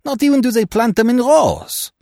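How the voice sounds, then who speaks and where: Fussy, fastidious older detective played by a man, precise and complaining, lively lilting delivery, dry sound. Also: medium pitch, dry recording. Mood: peevish. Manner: precise, complaining, formal phrasing.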